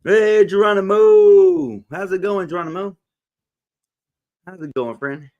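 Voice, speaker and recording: A man's voice: fairly high pitch, moderate pace, lo-fi sound. A man hosting a motivational livestream, casually chatting, greeting viewers by name and laughing often. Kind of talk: casual live-stream chat greeting viewers.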